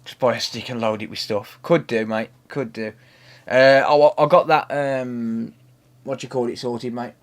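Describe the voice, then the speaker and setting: A man's voice: mid-range voice, fairly even intonation, normal speed. A British man chatting casually as the host of a live stream at home, reading out and answering viewer comments and swearing freely.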